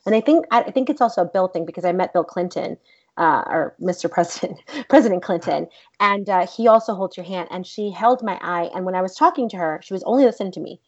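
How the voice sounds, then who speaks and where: A woman's voice: lowish voice, quick pace. Woman, interview guest, candid, swears freely, laughs a lot, muffled lo-fi audio. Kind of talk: casual interview chat. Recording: dull lo-fi sound.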